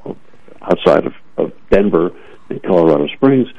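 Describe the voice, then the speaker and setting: Low gravelly man on a tinny line. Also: expressive, moderate pace. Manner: emphatic, repeats words when starting sentences. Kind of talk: opinionated talk radio discussion. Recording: tinny phone-line sound.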